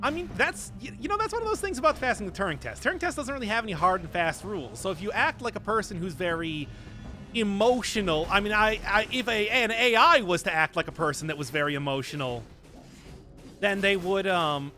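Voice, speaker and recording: A young man live-streaming a game, chatting casually and answering chat in an animated, self-mocking way. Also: high-pitched, brisk, soft background music. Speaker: gaming streamer.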